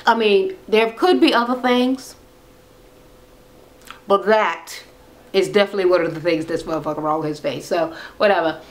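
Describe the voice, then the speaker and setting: A woman's voice: mid-range voice, moderate pace, pauses often, poor audio. A woman giving a casual, profane recap of a reality show, blunt and sassy. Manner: blunt, sassy, swears freely.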